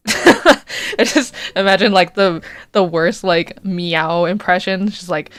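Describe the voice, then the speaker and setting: A woman's voice: lowish voice, takes it slowly, clear, resonant tone, faint music behind. Playful woman reading a game aloud. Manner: playful, laughs between lines. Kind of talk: reading a dating game aloud with casual asides.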